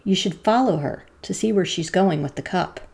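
A brisk country wife gives orders in a low, gravelly voice, as a woman storyteller puts her on. She sounds practical and sharp-tongued. The tone stays dark and mellow. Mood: thoughtful.

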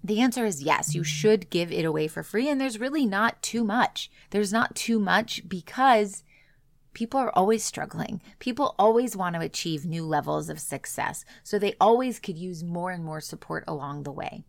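A woman's voice: lowish voice, lively intonation, moderate pace, vocal fry, dry recording. A woman business coach giving an earnest, emphatic motivational talk to her audience. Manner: earnest, emphatic, acts out quoted reactions.

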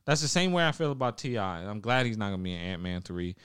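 A man's voice: fairly low pitch, sing-song, fast talker, fairly bright tone, smooth, no room sound, clean studio sound. A young man hosting a casual podcast, talking loosely with lots of swearing, trailing off and restarting. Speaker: podcast host.

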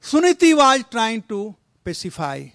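A man's voice: high voice, expressive, slow pace, fairly bright tone, no echo. A male preacher telling a story in a sermon, earnest and exhorting his listeners.

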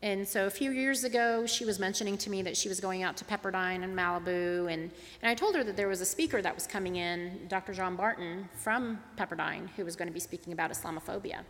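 A middle-aged woman gives a talk as an interfaith advocate, telling a personal story. Her voice is bright and clear. She acts out each exchange as she tells it, and her words ring with a long reverb in a large hall. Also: mid-range voice, fast, hardly any pauses. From Tulsa, Oklahoma. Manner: animated storyteller, acts out dialogue.

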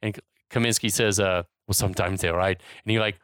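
A man's voice: fairly low pitch, fairly even intonation, fast talker, a bit bright, clear, resonant tone, dry recording. A man recapping a film on a podcast in casual, profane chat, laughing often. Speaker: podcast co-host.

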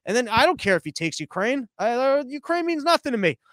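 A man's voice: extremely high pitch, very animated, fast, a bit bright, dry recording, clean studio sound. A man hosting a podcast as a live stream, rambling through viewer comments in a sarcastic, crude, offhand way. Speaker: podcast host.

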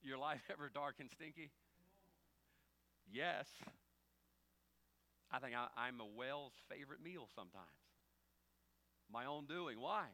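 A male pastor preaching a sermon, telling humorous stories and jumping from quiet asides to loud, high exclamations. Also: measured pace, long pauses. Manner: humorous storytelling with acted dialogue.

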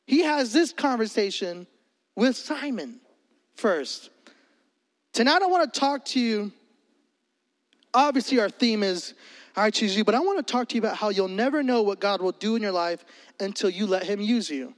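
A man preaching as a pastor, animated and joking in a conversational sermon. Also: very high-pitched, normal speed. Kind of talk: energetic comedic sermon. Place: church hall. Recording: echoey hall.

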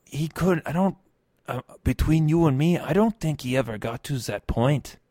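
A man improvising as a historical figure's assistant on a comedy podcast, telling a rambling, halting story full of fillers. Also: fairly high pitch, expressive, dark tone, no room sound, clean studio sound. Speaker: improv guest playing Beethoven's assistant.

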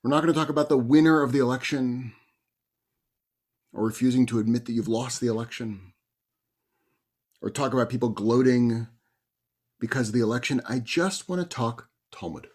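A man who is a rabbi, telling stories in a conversational, animated sermon. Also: mid-range voice, normal speed, pauses often. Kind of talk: sermon storytelling.

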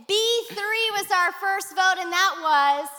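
Very high-voiced breathless woman on stage. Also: measured pace, bright, forceful tone. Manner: bubbly, self-deprecating. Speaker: pastor's wife and stage assistant. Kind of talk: lively stage banter. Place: large church auditorium. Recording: long hall reverb. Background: music playing.

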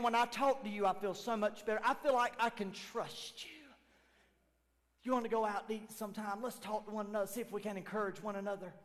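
High-voiced pastor preaching in a hall. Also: male voice. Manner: swings from low and soft to loud and shouting; acts out quoted dialogue. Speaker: lead pastor. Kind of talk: sermon. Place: church sanctuary. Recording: long reverb of a large hall.

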